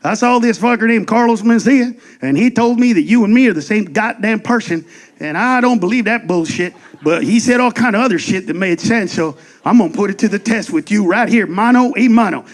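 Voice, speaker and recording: A man's voice: sits high, a little fast, lightly acted. A man voicing a crude, defiant Southern redneck in a stand-up bit. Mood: challenging. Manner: crude, blunt challenge.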